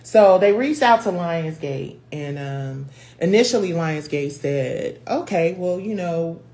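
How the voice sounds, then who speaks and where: Low-voiced candid woman, casual. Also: lively intonation, slow pace, warm tone. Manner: candid, emotional, swears casually, addresses viewers as y'all. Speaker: host. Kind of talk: casual livestream talk. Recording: faint background noise.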